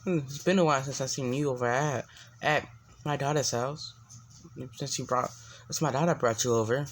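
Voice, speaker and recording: A man's voice: mid-range voice, normal speed, slight background noise, close to an everyday voice. A man voicing a cheerful, teasing middle-aged mother in a homemade story. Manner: teasing, chatty.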